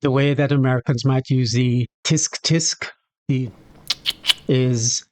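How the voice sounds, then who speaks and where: A man with a Jamaican accent hosting a casual lesson on patois, relaxed and chatty, acting out little everyday scenarios. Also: mid-range voice, slow, a little hiss or hum. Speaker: channel host teaching patois. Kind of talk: casual explanatory lesson to camera.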